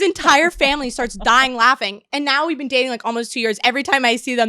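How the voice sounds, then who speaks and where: A woman's voice: on the high side, fast talker, few pauses, pushed and bright, smooth, dry recording, studio quality. A young woman, a podcast guest, chatting in a self-deprecating way and often laughing while she talks. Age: young adult. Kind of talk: casual chat. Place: podcast studio.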